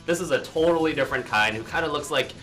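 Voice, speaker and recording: A man with a bright, forceful voice co-hosts a casual film review chat. He jokes and slips into playful impressions, with faint music behind him. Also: on the high side, fast talker. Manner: jokey, does voice impressions. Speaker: film review show co-host.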